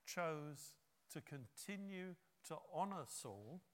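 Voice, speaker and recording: A man preaching a sermon, telling a story with lively acted-out quotes. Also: on the high side, slow, long reverb tail. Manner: animated storytelling, acts out quotes.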